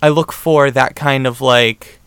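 A young man talking casually in a sincere, slightly halting way. His voice is bright and crisp, and it sounds close to the mic with little room around it. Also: mid-range voice, fairly even intonation, dry recording. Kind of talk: casual chat.

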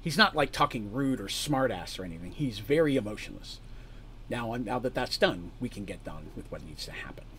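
A man's voice: on the low side, lively intonation, brisk, fairly bright tone, slight background noise. A man narrating a tabletop story as game master, casual and explanatory, with frequent asides.

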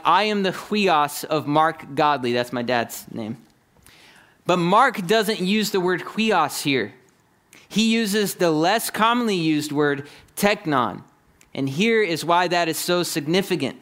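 A man's voice: fairly high pitch, fairly bright tone. A man preaching a sermon, explaining scripture earnestly and speaking directly to his congregation. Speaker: pastor.

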